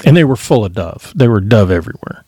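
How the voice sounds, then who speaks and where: A man's voice: lowish voice, sing-song, fast, dark tone, husky, dry recording, studio quality. A man casually telling stories from his youth, swearing freely and laughing as he goes. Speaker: podcast storyteller. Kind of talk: casual storytelling.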